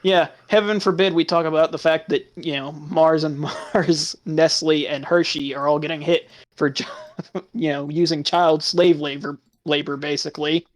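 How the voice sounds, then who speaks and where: A man's voice: fairly high pitch, steady tone, normal speed. A man chatting casually, laughing often through crude, sarcastic remarks. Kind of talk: casual chat.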